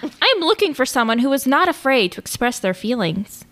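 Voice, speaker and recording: A woman's voice: high-pitched, big pitch swings, a little fast, a bit bright. A woman co-hosting a podcast in casual chat, blunt and teasing, laughing often. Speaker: podcast co-host.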